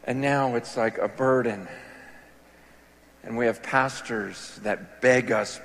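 A male pastor preaching a sermon, impassioned, swinging between loud emphasis and hushed, soft passages. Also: medium pitch, slow pace, gravelly, pauses often. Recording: long reverb of a large hall.

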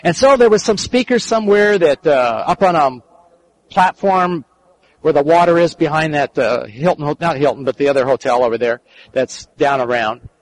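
An older man delivers a sermon as a story. His voice sits somewhat high, and he talks earnestly, repeating and restarting phrases as he goes. In the tender passages he drops to a soft, quiet tone. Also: normal speed, rough recording. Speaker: preacher and counselor.

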